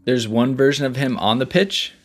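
A man's voice: medium pitch, lively intonation, moderate pace. A man co-hosting a podcast in casual, enthusiastic chat. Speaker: podcast co-host.

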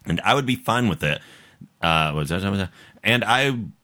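Deep, bright-voiced male podcast host. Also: animated, moderate pace. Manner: laughs often, stumbles over words while reading aloud. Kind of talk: casual podcast chat and reading a listener email.

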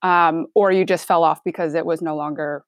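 A woman's voice: low voice, brisk, no room sound. A woman from Michigan with a half Midwestern accent, a chef talking casually and candidly in an interview. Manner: relaxed, candid, chatty with filler words. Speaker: chef guest.

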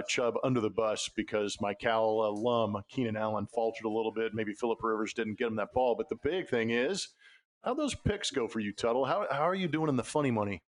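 A man hosting a sports podcast, talking in a casual, jokey, easygoing way. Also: on the low side. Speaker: podcast host.

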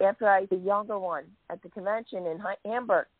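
A woman's voice: mid-range voice, fairly quick, no room sound. A woman in casual chat, telling anecdotes and acting out the quoted people. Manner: storyteller, acts out quotes. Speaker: guest telling stories. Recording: dry, phone-like sound.

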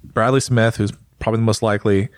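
A man's voice: lowish voice, steady tone, fast, dry recording, studio quality. A man co-hosting a casual podcast, talking in a rambling way with lots of fillers and restarts. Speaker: podcast co-host, motorcycle rider. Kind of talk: casual chat.

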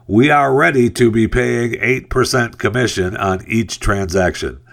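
A man's voice: medium pitch, a little slow, vocal fry, a bit bright, pitched above the performer's own voice. A man voicing an overly polite male sender of a business email. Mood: pleading.

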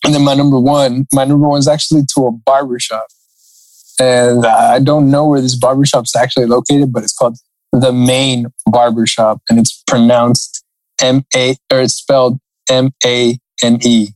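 Guy on a podcast cracking up and cussing while he reads reviews, mid pitch, dry close mic. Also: little pitch movement, normal speed, darkish tone, dry recording, low-quality recording. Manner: laughs often, swears freely, sing-song reading. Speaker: podcast co-host. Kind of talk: casual chat reading funny reviews aloud.

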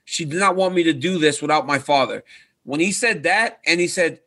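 Earnest man with a bright voice. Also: a little high, lively intonation, a little fast. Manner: earnest, repeats "right?" for emphasis. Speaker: retired fighter and coach, guest. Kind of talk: casual interview talk.

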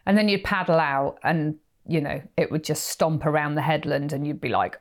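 A woman's voice: low voice, normal speed. A woman co-hosting a casual chat, telling a surf story and acting out the voices of the people in it. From England. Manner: animated, acts out quoted lines. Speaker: podcast co-host.

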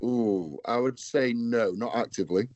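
A man's voice: mid-range voice, moderate pace, darkish tone, lo-fi sound. A British man teasing and joking in a casual podcast chat. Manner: teasing, playful. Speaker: guest.

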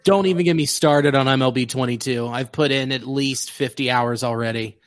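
A man's voice: medium pitch, normal speed, no room sound, soft background music. A man appearing as a guest in a casual podcast chat over a call, easygoing and lightly self-deprecating.

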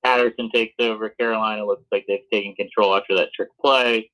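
A man recapping a game in casual podcast talk, halting with fillers. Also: on the low side, fairly even intonation, sharp tone, low-quality recording. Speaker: podcast co-host. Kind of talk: casual sports chat.

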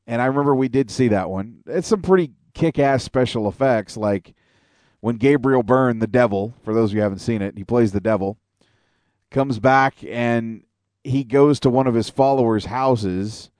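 Man co-hosting a podcast, profane and animated, dry close sound. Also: mid-range voice, normal speed, no echo. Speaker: podcast co-host. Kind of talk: casual podcast chat.

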